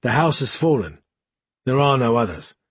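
A brooding young warrior with a dark past, talking tersely with a haunted edge, as a male narrator puts him on. The voice is husky and breathy, at an ordinary male pitch. The recording is close and dry. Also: very animated, normal speed, no echo. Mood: grim. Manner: terse, low, tormented.

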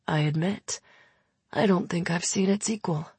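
Brief: a woman playing a languid young king, soft, slow, teasing. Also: lowish voice, husky, no room sound. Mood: amused. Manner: lazy, amused, drawling. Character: young male high king, languid and mocking. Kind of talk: audiobook character voice.

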